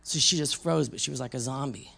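A woman delivers a sermon in a gravelly voice edged with vocal fry, pitched extremely low yet fairly bright in tone. She speaks fairly quickly and conversationally to the room, posing questions and shifting into quoted voices as she tells it.

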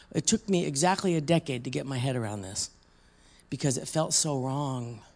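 Gravelly-voiced woman preaching a sermon. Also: a bass voice, darkish tone. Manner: conversational, asks the room questions; acts out quoted voices.

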